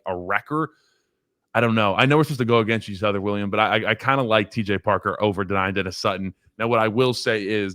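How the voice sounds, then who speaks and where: A man talking football on a casual podcast, his voice sitting a little low. He rambles, repeats his words and laughs at his own stories. The sound is dry and close to the mic. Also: fairly bright tone, no room sound. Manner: rambling, self-deprecating, laughs while telling stories. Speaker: former college offensive lineman, guest. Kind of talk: casual sports podcast talk.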